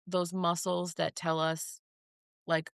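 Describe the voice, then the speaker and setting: A woman's voice: on the low side, level tone, takes it slowly, creaky, smooth, dry recording, clean studio sound. A woman speaking as a podcast guest, telling her story in an earnest, casual way and acting out the conversations she recalls. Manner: earnest, acts out quoted dialogue. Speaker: podcast guest, mother of a child with a rare disease.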